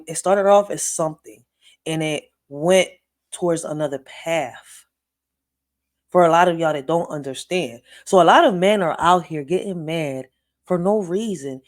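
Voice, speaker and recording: A woman hosting a reaction video in casual, rambling commentary full of fillers. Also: sits low. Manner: rambling, many fillers, earnest.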